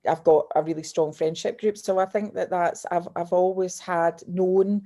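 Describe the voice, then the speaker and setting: A Scottish woman in her fifties, a guest telling lively stories in casual chat, often breaking off and restarting her sentences. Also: on the low side, moderate pace. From Scotland. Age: 50s. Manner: lively storyteller, self-interrupting and restarting. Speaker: guest, business mentor and author.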